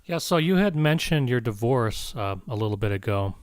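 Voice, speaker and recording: A man's voice: medium pitch, animated, normal speed, no room sound. Dry-sounding male radio host. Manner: brief, soft-spoken backchannels and short questions. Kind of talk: radio interview.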